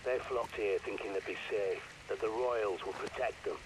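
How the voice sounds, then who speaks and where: Actor voicing a grim, deep-voiced survivor guide. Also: male voice, moderate pace, crowd noise, natural voice, rough recording. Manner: grim, lecturing, terse.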